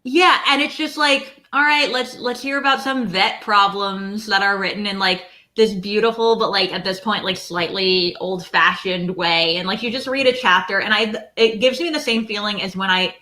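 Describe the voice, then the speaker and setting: An enthusiastic woman chats on a video call in a bright, clear voice of middle pitch. She rambles warmly, peppering her sentences with "like". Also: steady tone, moderate pace, few pauses. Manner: chatty, lots of "like" fillers, enthusiastic. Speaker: indie bookseller guest. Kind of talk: casual chat.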